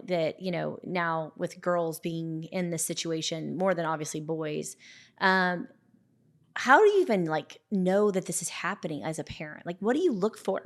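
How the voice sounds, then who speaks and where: A woman hosting a podcast, asking questions in a casual, conversational way with lots of "like" and "I mean". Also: fairly low pitch. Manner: conversational, many "like" and "I mean" fillers. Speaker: podcast host. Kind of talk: casual interview chat.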